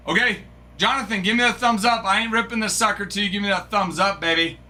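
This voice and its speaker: A man hosting a live card-opening stream, chatting excitably and breaking into yells of delight. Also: high voice, a little fast.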